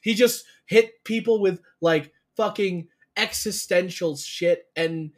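A man co-hosting a casual podcast talks in excited, rambling bursts, with plenty of swearing. His voice sits a little higher than most men's. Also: slow. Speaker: podcast co-host. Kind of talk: casual chat.

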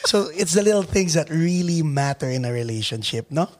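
A man's voice: on the high side, expressive, fairly quick, noisy background. A man with a Filipino accent, a podcast host asking questions and reacting in casual chat. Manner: short encouraging interjections and questions.

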